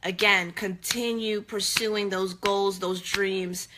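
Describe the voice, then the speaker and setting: A woman speaks slowly and earnestly, as if talking straight to her viewers. Her voice is bright and forward. She is casual and chatty, with plenty of fillers and restarts, and she repeats her main points to drive them home. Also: mid-range voice, steady tone, slight background noise. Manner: earnest, repeats phrases for emphasis; conversational with many fillers and restarts. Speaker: faith-based motivational speaker. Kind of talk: casual encouraging talk to viewers.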